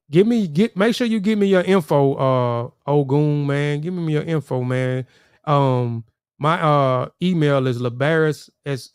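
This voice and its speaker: A man's voice: mid-range voice, clean tone, no echo, studio quality. A man hosting a casual livestream, rambling, repeating words and talking to viewers in the chat. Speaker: livestream host.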